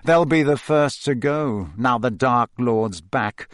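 A man voicing a spiteful teenage boy wizard who taunts in a slow drawl in an audiobook. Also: medium pitch, dry recording, clean studio sound, close to an everyday voice. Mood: taunting.

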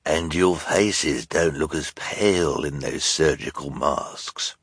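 A man voicing a sinister hook-handed henchman in an audiobook, with a slow, menacing drawl. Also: very deep voice, a bit bright, slightly rough, no echo, studio quality, voice pushed down, full character voice.

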